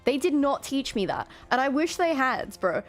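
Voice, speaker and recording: A woman's voice: high-pitched, sing-song, normal speed, faint music behind. A young woman hosting a live stream on a headset, chatting casually, greeting viewers and reading chat aloud. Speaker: streamer host.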